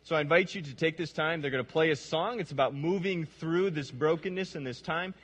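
Impassioned husky-voiced male pastor. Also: fairly high pitch, brisk. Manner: impassioned, swings between hushed and emphatic. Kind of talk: sermon.

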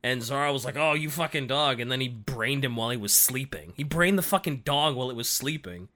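A man co-hosting a casual book discussion podcast, laughing often and acting out characters in quick voices. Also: medium pitch, animated, bright, forceful tone. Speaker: podcast co-host.

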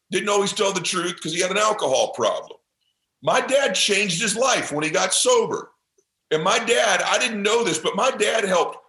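A man's voice: high voice, sharp tone. Podcast guest, man, intense heartfelt motivational storyteller, some room echo. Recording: roomy echo.

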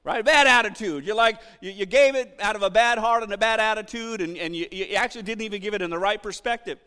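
A middle-aged man preaching a sermon, animated, acting out quotes and shouting for emphasis. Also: sits high, fast talker, clear, resonant tone, in a large hall. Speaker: pastor.

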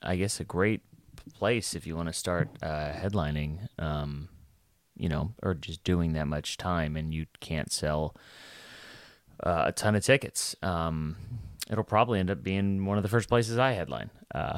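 A man's voice: low voice, a little slow, dry recording, clean studio sound. A young adult man, a stand-up comedian, telling a casual rambling story with lots of fillers and restarts.

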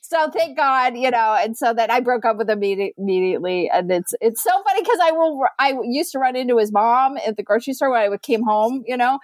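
An animated woman from upstate New York telling frank, funny stories in a casual chat. Her voice sits a bit high, and the sound is close and dry. She acts out the people she quotes and swears freely. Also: a little fast, few pauses, no room sound. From southern tier of New York.

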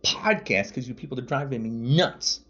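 A man's voice: mid-range voice, normal speed, fairly bright tone. A man podcasting an angry political rant, furious and repetitive, hurling insults. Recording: dull lo-fi audio.

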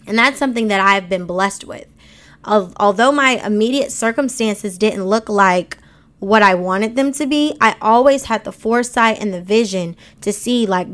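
A woman's voice: mid-range voice, normal speed, a bit bright. A woman hosting a motivational podcast, speaking emphatically in African American Vernacular English with casual slang. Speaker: podcast host. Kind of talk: motivational monologue.

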